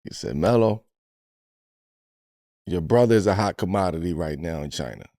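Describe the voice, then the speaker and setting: A man's voice: low voice, animated, moderate pace, warm tone. A man hosting a podcast, telling a story in casual chat and laughing often. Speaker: podcast host.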